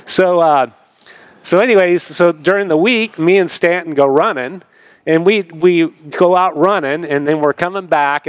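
A man, probably in his fifties, telling stories from his racing career as a podcast guest in a relaxed, rambling way, laughing often and acting out what others said. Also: on the high side, smooth, no room sound. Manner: laid-back, rambling, laughs often, acts out quoted voices. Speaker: podcast guest, retired motocross racer. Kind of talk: casual storytelling interview.

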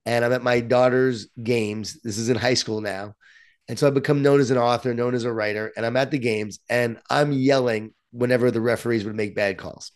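A man from Long Island with a New York accent, an author telling stories as a guest, animated and self-deprecating. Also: mid-range voice, fairly quick. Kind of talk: storytelling in conversation.

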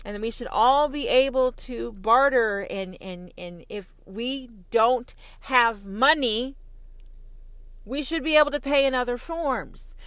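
A Southern American woman rants in a heated, sarcastic monologue, swearing freely and mocking the people she argues against. Her voice sits a little high. The recording is dry and close, with no room sound. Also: slow pace, fairly bright tone, no echo. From Southern United States. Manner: profane, heated and sarcastic, mocking imagined opponents. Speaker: podcast host. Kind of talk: impassioned monologue.

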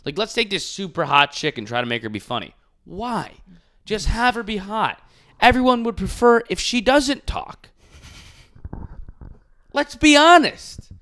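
A man's voice: high voice, sing-song, unhurried, pauses often, a bit bright. A man, a comedian, hosting a casual podcast chat, ranting with profanity.

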